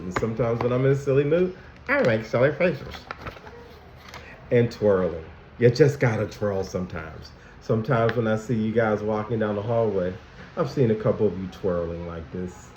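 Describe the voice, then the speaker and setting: A man school counselor giving a lesson to young children, animated and asking them many questions. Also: mid-range voice, slight background noise. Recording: dull, echoey room recording.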